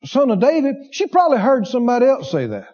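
A man preaching a sermon, animated, acting out inner voices and laughing as he preaches. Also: extremely high pitch, quick pace, muffled recording.

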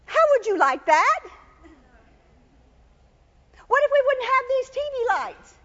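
A woman preaching a sermon in an emphatic, repetitive style, building to loud cries. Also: very high voice, very animated, slow, long reverb tail, lo-fi sound.

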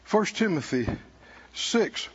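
A male preacher delivering a sermon in a high voice, speaking slowly and deliberately. His delivery is emphatic, with bursts of shouting and calls to the congregation. The recording sounds dull and lo-fi. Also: sing-song, slightly rough. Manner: emphatic, shouting at peaks, laughing, call-and-response.

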